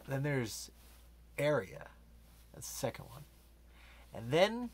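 A man doing a deadpan comedy monologue as an over-earnest self-proclaimed rug expert, slipping into savoring, hushed breathy asides. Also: mid-range voice, slow, long pauses. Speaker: comic rug expert character.

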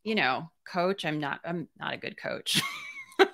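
Woman host, bright clear tone, animated and talkative coach, casual interview. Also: on the low side, unhurried. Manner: lively, talkative, laughs often. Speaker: art business coach and host.

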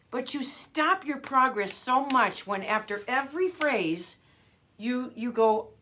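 A woman's voice: sits high, expressive, slow, sharp tone. A middle-aged woman vocal coach giving a live motivational talk, earnest and emphatic, repeating her key phrases.

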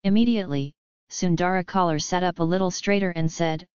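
Woman reading an audiobook, steady, kinda dull lo-fi sound, dry. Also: on the low side, fairly quick, clear, resonant tone, no echo. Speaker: audiobook narrator. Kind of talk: scripted audiobook narration.

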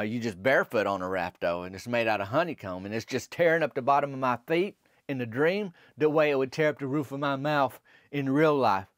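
A man's voice: mid-range voice, fairly bright tone, no echo, clean studio sound. Drawling Southern man spinning a tale. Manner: slow, rambling and drawling, with rural dialect. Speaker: podcast host. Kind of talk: deadpan storytelling.

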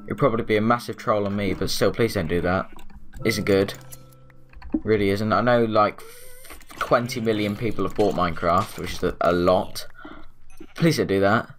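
A man giving chatty let's play commentary, rambling and excitable, with frequent exclamations. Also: fairly low pitch, normal speed, soft background music. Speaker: gaming YouTuber.

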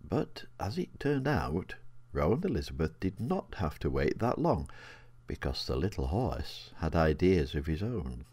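An older man reading his own children's story aloud in a gentle, expressive way. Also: low voice, unhurried, husky.

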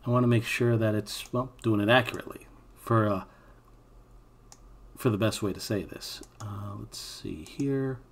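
A young man with a slightly husky voice talks through a software tutorial as he works. His delivery is relaxed and informal, with offhand asides while keys click and a mouse taps in the background. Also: fairly low pitch, a little slow. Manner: thinking aloud while working, casual asides. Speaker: animation instructor. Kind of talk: screen-recorded software tutorial.

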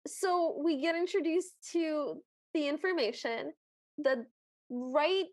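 A woman's voice: high voice, takes it slowly, no echo. A woman co-hosting a podcast, casually recapping a film and retelling its scenes with animation. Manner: animated retelling, acting out quotes. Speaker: podcast co-host.

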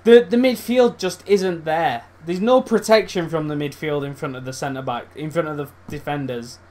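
A young man commentating his own football video game, swearing, swinging between loud outbursts and low muttering. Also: normal speed. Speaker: gaming YouTuber. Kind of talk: live gameplay commentary.

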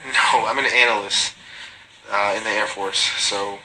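Man with a very bright, sharp voice. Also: on the low side, fairly even intonation, measured pace, a little hiss or hum, poor audio. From Guatemalan family. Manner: slangy, swears freely, reads comments aloud and answers them. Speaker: livestreaming reality TV personality. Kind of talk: casual livestream chat reading viewer comments. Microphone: phone.

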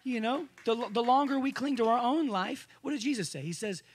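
Husky-voiced male pastor preaching. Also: extremely high pitch, a little fast. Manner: conversational preaching with frequent restarts; swings between loud emphasis and quiet asides. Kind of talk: sermon. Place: church service room with a congregation.

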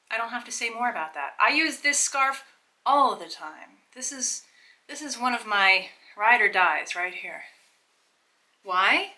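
The rough recording captures a sharp-toned, higher-pitched woman's voice. She's a middle-aged fashion vlogger presenting a relaxed try-on video, eagerly chatting while she explains and shows items to viewers.

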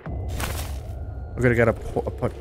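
A man giving casual let's-play commentary, excitable, talking to himself and swearing, with sudden yelps of surprise. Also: a little slow, faint music behind. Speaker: gameplay commentator.

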